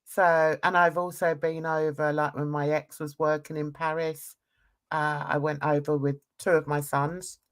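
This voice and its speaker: Unhurried middle-aged English woman, chatty and rambling, laughs a lot. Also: deep voice, level tone. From England. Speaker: artist and channel host. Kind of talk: casual video chat.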